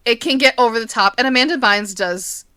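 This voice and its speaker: A woman's voice: on the high side, fairly quick, a crowd in the background. A young woman co-hosting a podcast in casual chat, gushing and laughing often, swearing casually. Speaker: podcast co-host.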